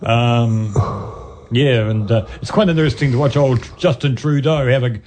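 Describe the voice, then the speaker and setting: A man's voice: medium pitch, a little mellow, slight background noise. Chatty older male radio host. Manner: chatty, opinionated, quick asides. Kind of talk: casual talk radio chat.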